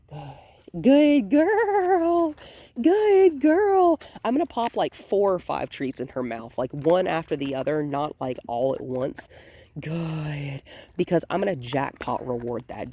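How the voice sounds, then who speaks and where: A woman dog trainer filming a walk outdoors on a hand-held phone, calmly explaining and softly praising the dog. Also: low-pitched, gravelly, breathy edge. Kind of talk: hands-on training demonstration. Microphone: phone held in one hand.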